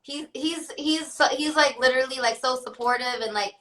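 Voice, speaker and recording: Woman rapper as guest, chatty, pitched a bit high, very bright tone. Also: normal speed, poor audio. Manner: chatty, heavy on fillers and laughter. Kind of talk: casual interview chat.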